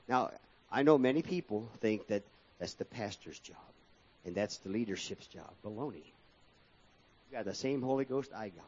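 Preaching pastor, lo-fi church recording. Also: male voice, medium pitch, animated, normal speed, breathy edge. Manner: preaching with rising and falling emphasis, addressing the congregation as folks. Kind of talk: sermon.

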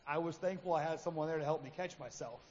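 This pastor preaches his sermon conversationally, acting out the quotes in his stories. His voice sits on the high side, quick and a little mellow, and the lo-fi recording is dull, with hall reverb and faint noise.

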